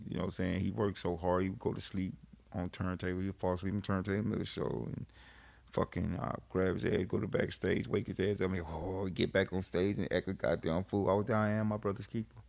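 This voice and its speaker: A man talks in a low, gravelly voice with heavy fry. He tells his story in a loose, profane way, full of "you know what I'm saying" and restarts, as an interview guest. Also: steady tone, fast talker, darkish tone. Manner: loose, profane street storytelling with many fillers. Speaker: interviewee, friend of the late DJ.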